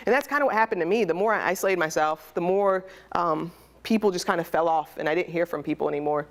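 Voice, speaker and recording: At a conference hall, a young woman gives a candid, emotional personal testimony, telling her story conversationally. Her voice is fairly low in pitch and she speaks quickly.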